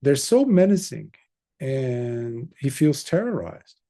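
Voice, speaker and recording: Buddhist monk telling an old tale, slow and lively, warm mellow voice, chatty asides. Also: male voice, mid-range voice. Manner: animated, conversational storytelling with asides. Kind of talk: storytelling dharma talk.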